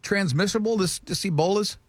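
A man's voice: high voice, fairly quick, no echo. A man hosting a radio show, joking around and bantering with his co-hosts. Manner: jokey, animated, does silly voices. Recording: dry close studio mic.

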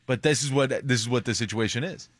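A man's voice: medium pitch, fast talker, no echo. A man working as a radio show producer, chiming in with matter-of-fact remarks in casual studio chat.

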